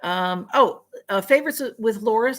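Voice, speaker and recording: A woman hosting a casual livestream chats along and reads viewer comments aloud as they arrive, often apologizing for falling behind the chat. Her mid-range voice is expressive and fairly bright, at a normal speed, and her talk is friendly and rambling.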